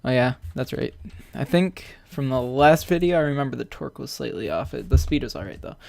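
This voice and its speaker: A man hosting a casual coding tutorial, rambling goofily and reading code out loud while slightly out of breath. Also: medium pitch, animated, a little fast, gravelly. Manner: goofy, rambling, narrates code aloud while typing. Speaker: Roblox scripting tutorial host. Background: keyboard typing.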